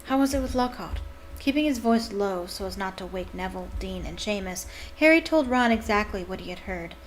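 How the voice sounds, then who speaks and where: A woman reading a novel aloud and breaking off into eager, chatty asides. Her voice sits at an ordinary middle pitch, with a faint hiss of noise in the background. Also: animated, brisk. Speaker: reader and fan commentator.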